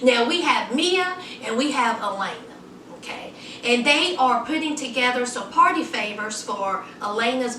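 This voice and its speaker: A woman chatting through a lively, sassy recap of a TV episode, full of asides to the viewer. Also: fairly high pitch, reverberant, distant mic, a little hiss or hum. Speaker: TV episode reviewer.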